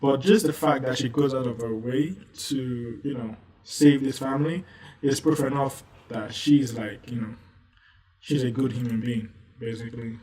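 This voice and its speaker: A man's voice: medium pitch, moderate pace, darkish tone, roomy sound, distant mic, rough recording. A man giving casual commentary as a manga reviewer, rambling loosely with lots of asides. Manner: rambling, loose, full of "you know" asides.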